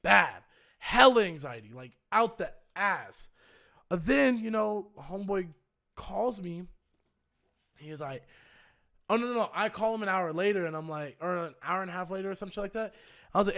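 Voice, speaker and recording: Young guy streamer, high gravelly voice, swears a lot, acts out every phone call in the story. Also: moderate pace. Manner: animated, profane, acts out both sides of phone calls. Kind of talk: casual storytelling chat.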